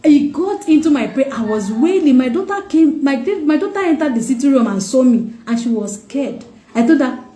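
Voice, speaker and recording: A woman's voice: high-pitched, expressive, normal speed, dark tone. Emotional woman giving a testimony. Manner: emotional, repeats phrases for emphasis. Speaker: mother sharing her testimony. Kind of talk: personal testimony talk. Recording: echoey room.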